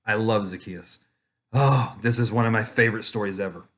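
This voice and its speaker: Man doing Julius, a gentle kids' puppet. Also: lowish voice, close to an everyday voice. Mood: eager. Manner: gentle, slow, focused, talks straight to kids. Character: calm, friendly male children's puppet.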